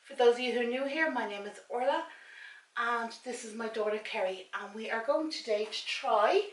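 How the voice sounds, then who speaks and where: A woman's voice: on the high side, brisk. An Irish woman hosting her own vlog, chatting casually and a little scatterbrained while reading snack labels aloud. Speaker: vlogger and mother. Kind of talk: casual snack-tasting chat. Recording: echoey room, camera set far off.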